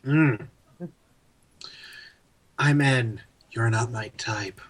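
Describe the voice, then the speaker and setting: A man playing in a tabletop game with friends. He jokes and swears freely. His voice often rises with excitement. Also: medium pitch, very slow, husky. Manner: animated, joking, swears freely. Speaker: player. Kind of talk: casual tabletop game chat.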